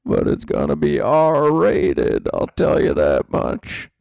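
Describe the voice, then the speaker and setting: A man putting on an impression of an older male politician, with a slow, loud, mock-solemn drawl. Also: a little high, wildly swooping pitch, creaky, smooth, dry recording, voice pushed up, full character voice.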